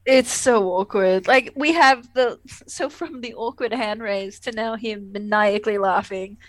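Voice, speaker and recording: A woman co-hosts a podcast, chatting casually and rambling with lots of fillers and laughs. Her voice is mid-range and unhurried, with no echo.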